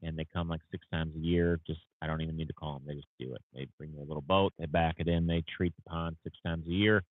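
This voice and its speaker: A man's voice: a bass voice, steady tone, fast, dry recording. A man who runs a landscaping business, talking casually on a livestream, tired and yawning, rambling with lots of fillers. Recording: tinny phone-like audio.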